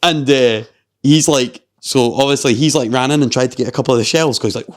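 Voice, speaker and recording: A Scottish man chats on a podcast, his voice sitting at an ordinary middle pitch. He retells a story with lively energy, swearing freely and scattering fillers through every sentence. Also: fairly quick. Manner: animated storyteller, swears freely, heavy use of "like". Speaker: podcast host. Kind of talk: casual chat.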